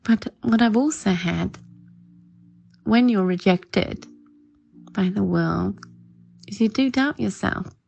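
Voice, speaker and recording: A woman's voice: medium pitch, slow, gravelly, pauses often, a little mellow, husky, muffled recording. A middle-aged woman giving an informal, chatty home sermon in an earnest tone, often calling things amazing. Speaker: preacher.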